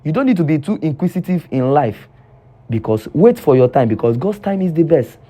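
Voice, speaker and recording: A man's voice: a little high, big pitch swings, brisk, mellow. A man telling a troubled first-person confession, repeating himself and pleading. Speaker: storyteller.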